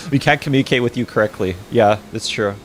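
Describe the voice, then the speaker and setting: A man streaming games live who keeps reacting in exasperated outbursts, swears and restarts when flustered, and drops into low mumbled reading of game text. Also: moderate pace, fairly bright tone, soft background music.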